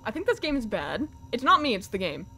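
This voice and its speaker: A young woman streamer with a bright, fairly high voice gives excitable, jokey commentary on a horror game. She swears freely and keeps thanking her viewers as she plays. Faint game music plays behind her. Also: brisk.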